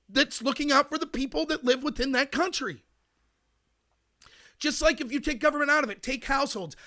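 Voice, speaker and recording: Man, American, high voice, bright tone, ranting commentary, responds to chat. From United States. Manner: ranting, emphatic, talks to chat. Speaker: podcast host. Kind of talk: political commentary monologue.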